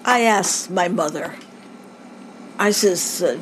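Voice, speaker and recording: Older woman interviewee, halting rambling reminiscence, faint background hiss. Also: medium pitch, expressive, a little mellow, low-quality recording. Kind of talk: family oral history recollection.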